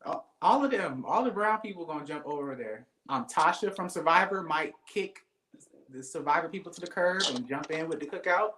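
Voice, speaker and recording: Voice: medium pitch, animated, brisk, fairly bright tone, a little hiss or hum. Joking co-host in an echoey room. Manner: joking, laughs often, emphatic. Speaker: podcast co-host. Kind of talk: casual reality-TV chat.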